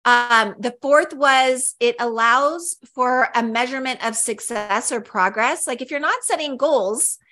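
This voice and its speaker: A woman's voice: fairly high pitch, a little slow, few pauses, pushed and bright. A woman co-hosting a casual podcast, talking in a chatty, upbeat way with frequent fillers and restarts. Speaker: podcast co-host.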